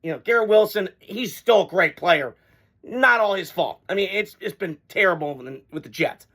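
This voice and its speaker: Host, male, higher-pitched voice, casual off-the-cuff sports reaction, blunt and profane. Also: animated, normal speed, bright, forceful tone. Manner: blunt, rambling, swears freely.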